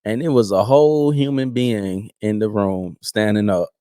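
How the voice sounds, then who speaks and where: A man co-hosting a podcast, telling a story in a casual, animated way. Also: on the low side, normal speed, no echo, clean studio sound. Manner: animated, acts out voices in quoted dialogue. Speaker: podcast co-host.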